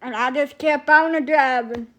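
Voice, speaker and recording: A woman's voice: high-pitched, moderate pace, pushed and bright. Foul-mouthed woman ranting. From Alabama, USA. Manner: profane, blunt, rambling. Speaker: TikTok storyteller. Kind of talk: casual storytelling rant.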